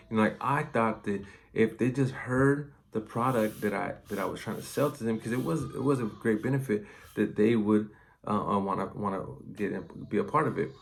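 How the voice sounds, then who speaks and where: Low gravelly-voiced man giving advice. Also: normal speed. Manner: conversational, loose, heavy on fillers. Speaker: inside salesman. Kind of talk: casual advice talk.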